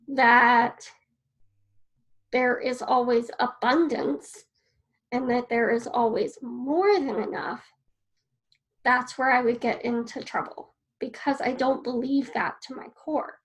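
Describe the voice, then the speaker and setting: Slow, high-voiced woman coaching. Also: fairly even intonation, a bit bright, poor audio. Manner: earnest, personal, repeats key phrases; writes notes on a board while talking. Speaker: coach teaching a class. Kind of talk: casual spoken lesson.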